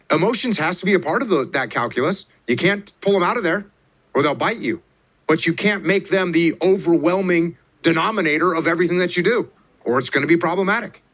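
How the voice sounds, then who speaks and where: A man in middle age talks with a fairly high voice, hammering points home with blunt repetition. His pitch leaps up sharply on the words he wants to stress, like a motivational speaker driving home advice. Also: fairly bright tone. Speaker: former military officer giving advice. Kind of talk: emphatic motivational talk.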